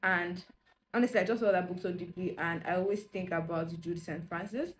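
A woman's voice: fairly low pitch, fairly quick, slight background noise. A young woman vlogging at home, chatting candidly and rambling straight to her viewers. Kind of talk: casual chatty vlog. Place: indoors at home.

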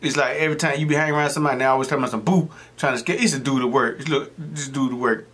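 A man's voice: mid-range voice, fairly even intonation, rapid-fire, few pauses, a bit bright. Rambling middle-aged man eating on camera. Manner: rambling, joking storyteller. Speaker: mukbang host. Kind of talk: casual chat while eating.

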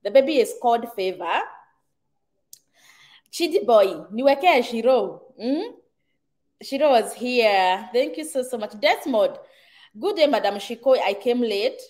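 Kenyan woman, middle-aged, live-stream host; slightly high voice, chatty, quick to laugh, drops in Swahili phrases. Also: lively intonation, a little mellow. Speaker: livestream host reading viewer comments. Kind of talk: casual live chat.

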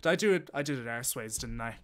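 A man's voice: medium pitch, lively intonation, rapid-fire, a bit bright. A man, chatting and swearing casually as he thinks aloud while playing a game on stream. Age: 20s. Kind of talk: casual gameplay commentary.

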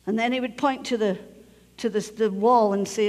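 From Scotland, this woman preaches a sermon in a church sanctuary, her slightly high voice steady and darkish at a moderate pace. She presses her points emphatically, repeats key phrases, and at times drops almost to a whisper, all under long church reverb.

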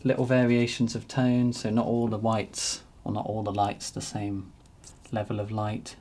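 A man narrating a painting demonstration as he works, relaxed and thinking aloud. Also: fairly low pitch, normal speed. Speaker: painting teacher.

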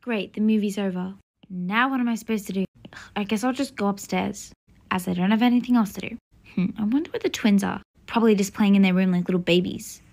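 A woman's voice: mid-range voice, fast talker, gravelly, darkish tone. A woman voicing a bratty teenage older sister in a toy-game role-play. The sister sounds sulky and sarcastic. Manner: sulky, sarcastic and eye-rolling.

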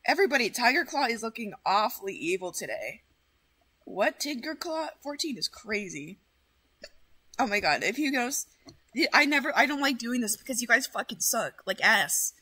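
Bright, excitable woman streamer. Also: on the high side, moderate pace, breathy edge. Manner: loud, excitable, swears a lot, bossy. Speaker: streamer host. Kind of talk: casual game stream chat.

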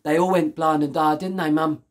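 A man's voice: on the high side, flat delivery, normal speed, close to an everyday voice. A man voicing a sullen, resentful teenage boy who speaks in an accusing tone.

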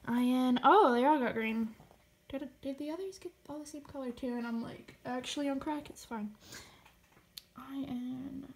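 High-voiced young woman gushing over an unboxing. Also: slight background noise. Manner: gushing, often drops to a whisper. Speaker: vlogger. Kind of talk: unboxing vlog commentary.

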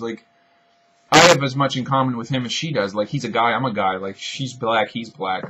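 Profane ranting young man, bright voice. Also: medium pitch, normal speed, slight background noise. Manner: profane, rambling, sarcastic. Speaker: video blogger. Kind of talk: ranting monologue to camera.

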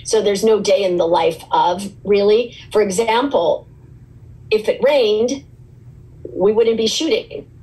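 A woman's voice: medium pitch, slow, warm tone, rough recording. A woman in her sixties, a guest in an interview, recalling past work in a chatty, rambling way with frequent restarts. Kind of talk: relaxed interview recollection.

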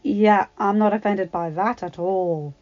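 A woman's voice: mid-range voice, measured pace, close to an everyday voice. A woman voicing a teasing young man who speaks dryly and sarcastically. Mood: wry. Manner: dry, sarcastic. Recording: slightly dull lo-fi recording.

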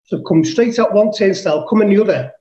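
A high-voiced man from England tells a wild story as a podcast guest. He swears freely and puts on the voices of the people in it. The sound is dull and echoey, as if from a room far off the mic. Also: lively intonation, quick pace, dark tone. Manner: swears casually, acts out his own quotes. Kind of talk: animated storytelling.

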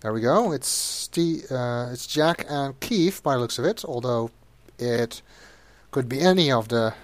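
A man's voice: medium pitch, lively intonation, unhurried, dry recording. A man commentating a game playthrough and reading its text, with dry, wry asides. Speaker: let's play narrator.

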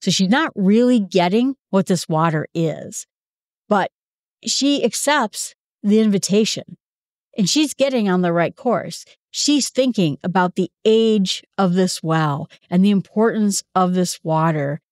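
A woman's voice: mid-range voice, expressive, unhurried, darkish tone, no room sound. Woman Bible teacher, casual and conversational, dry recording. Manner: conversational, quotes figures in everyday speech.

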